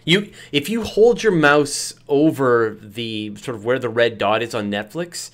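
A man's voice: mid-range voice, lively intonation, a little slow. A man hosting a casual movie-riffing chat, asking wry questions and laughing often. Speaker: host.

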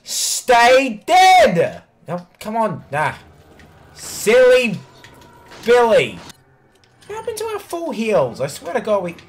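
A man commenting on a video game in a voice that swings enormously in pitch, from mumbled asides up to sudden yells. He swears freely and teases his co-player throughout, in loose, casual talk. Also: huge pitch swings, takes it slowly. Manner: swearing, yelling outbursts at the game. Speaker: let's play gamer.

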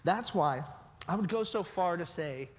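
A man's voice: sits high, animated, unhurried. A man preaching a sermon as pastor, talking in a conversational way and often checking in with his listeners. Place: church hall. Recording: long reverb of a church hall.

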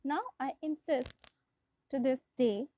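With a warm, high voice, this young Pakistani-accented teacher reads a storybook slowly to her English class, regularly backing up to restart phrases. The audio is a dull, dry, lo-fi recording.

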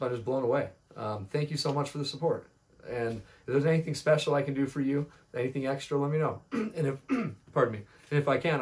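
A man thanking viewers in a casual vlog, halting and full of restarts and fillers. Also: mid-range voice. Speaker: vlogger thanking donors. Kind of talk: casual thank-you video.

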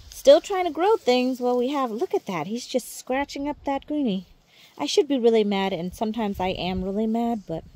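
A woman with a slightly high voice gives a relaxed outdoor tour of her backyard garden, pointing out plants as she walks. She talks in a friendly, chatty way straight to her viewers, like a casual home vlog. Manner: chatty, warm toward viewers, coos baby talk at her dogs. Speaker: gardening vlogger.

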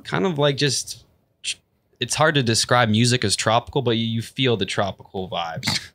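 A man's voice: mid-range voice, normal speed, a bit bright, no room sound, studio quality. A man guesting on a podcast, asking curious questions in a hesitant way with many fillers. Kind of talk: casual podcast banter.

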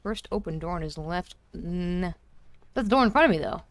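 Streamer woman, chatty play-by-play, slightly low voice, home setup. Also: animated, moderate pace, no echo. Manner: chatty, joking to herself and chat. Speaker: game streamer. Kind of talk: casual game commentary. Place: home room.

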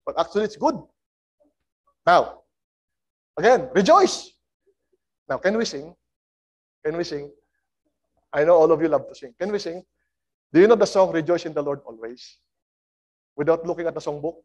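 A man preaching a sermon as a guest speaker, swinging between loud and soft and getting the congregation to join in. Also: fairly high pitch, normal speed, pauses often.

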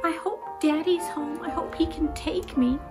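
An eager little girl who pleads and sulks, her voice high and breathless, as a woman reading a storybook puts her on. Guitar music plays clearly behind her. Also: moderate pace.

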